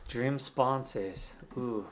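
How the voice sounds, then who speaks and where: Easygoing skater guest from Southern California. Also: male voice, mid-range voice, drawn-out words, noisy background. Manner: relaxed, laughs often, skater slang. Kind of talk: casual interview chat.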